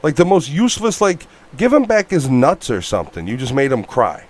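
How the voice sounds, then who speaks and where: A man's voice: mid-range voice, brisk, slight background noise. A man co-hosting a casual movie review podcast who talks bluntly, swears a lot and gets worked up. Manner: blunt, swears often, animated rants. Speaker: podcast co-host.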